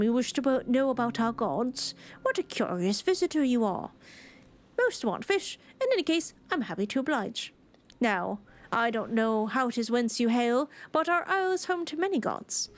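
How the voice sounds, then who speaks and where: A woman's voice: on the high side, close to an everyday voice. Woman putting on a posh British villager. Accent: put-on British. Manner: formal, storytelling read-aloud. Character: courteous island villager explaining local gods.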